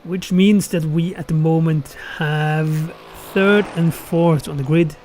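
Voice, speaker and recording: A man's voice: on the high side, fairly even intonation, slow, darkish tone, a little hiss or hum. A man giving casual live commentary on a sim racing qualifying session, thinking aloud and correcting himself as he goes.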